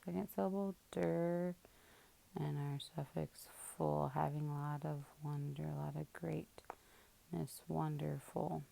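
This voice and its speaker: A woman's voice: sits low, steady tone, takes it slowly, creaky, dark tone. A woman teacher working through a spelling lesson, patiently sounding out each word part by part.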